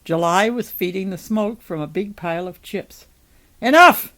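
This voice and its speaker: A woman reading a novel chapter aloud in an even, measured storytelling manner. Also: on the low side, low-quality recording.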